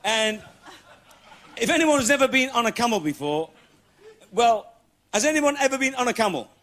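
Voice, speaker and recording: A man's voice: very high-pitched, lively intonation, moderate pace. A male comedian hosting a stage show, telling cheeky stories and laughing along with the audience. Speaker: comedian host. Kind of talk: stand-up audience Q&A. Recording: loud crowd laughter, noisy TV studio.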